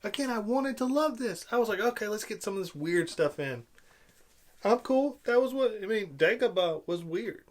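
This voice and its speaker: A man giving an exasperated, sarcastic film review rant, swinging between loud outbursts and low muttering. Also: expressive, moderate pace. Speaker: movie reviewer.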